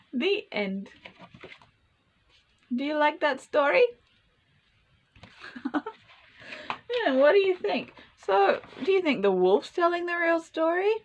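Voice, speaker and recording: A woman reading a children's story with a slightly high, very lively voice that climbs and dips. She takes her time and sounds playful. The recording is dull and lo-fi. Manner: animated, playful, asks the listener questions. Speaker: storytime reader.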